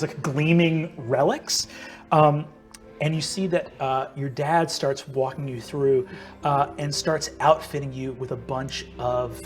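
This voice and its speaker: Casual man narrating a tabletop game. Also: a little high. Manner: casual, with many ums and likes. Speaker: game master.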